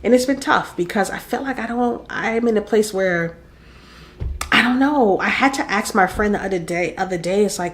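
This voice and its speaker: A woman's voice: mid-range voice, moderate pace. A woman in her forties talking candidly in a personal vlog, reflective and openly vulnerable, admitting she rambles as she thinks aloud. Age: 40s. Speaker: content creator and podcaster.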